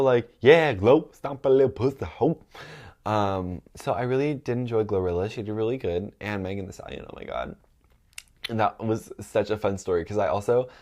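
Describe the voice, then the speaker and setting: A man's voice: lowish voice, a little mellow. A young man vlogging in casual chat, rambling with lots of ums and likes, sounding stuffed up. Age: young adult.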